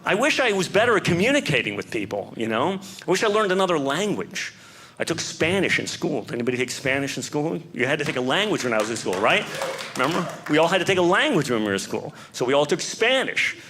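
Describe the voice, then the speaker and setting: A man's voice: fairly high pitch, big pitch swings, fast talker. A male stand-up comedian working a live crowd, chatting and asking the audience questions. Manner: conversational, asks the crowd questions. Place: comedy club stage. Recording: live club recording with crowd noise. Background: audience laughter.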